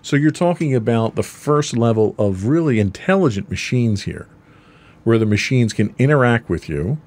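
A man's voice: medium pitch, lively intonation, normal speed, darkish tone. A man co-hosting a podcast, casually explaining ideas with everyday examples and frequent ums. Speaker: podcast co-host.

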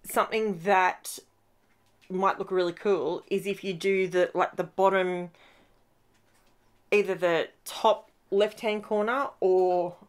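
A woman's voice: mid-range voice, steady tone, slow pace. A middle-aged woman, hosting a casual scrapbooking tutorial from her home craft room, chatty and rambling as she works. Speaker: scrapbooking channel host.

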